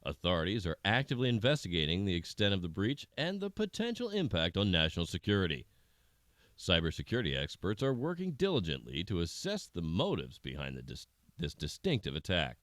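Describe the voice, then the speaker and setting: A man co-hosting a comedy podcast, reading news stories in a deadpan newsreader manner. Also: sits low, fairly quick, no room sound, clean studio sound. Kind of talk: mock news anchor delivery.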